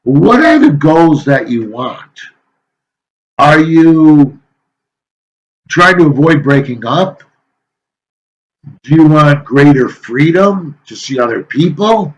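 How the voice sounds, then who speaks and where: A male teacher giving a casual, folksy lecture to his students, rambling a little with frequent pauses and filler sounds. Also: a little high, big pitch swings, lo-fi sound.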